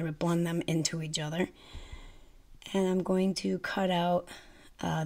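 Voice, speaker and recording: Stuffy-nosed woman with a low gravelly voice. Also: darkish tone. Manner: chatty, explains each step. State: stuffy nose. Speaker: card-making channel host. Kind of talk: casual crafting tutorial voice-over.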